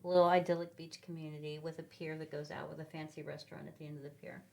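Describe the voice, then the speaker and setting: This low-voiced, middle-aged Sacramento woman talks quickly, with a gravelly texture. She's a podcast guest spinning casual, rambling travel stories with lots of fillers and false starts, all delivered in an easy, animated way.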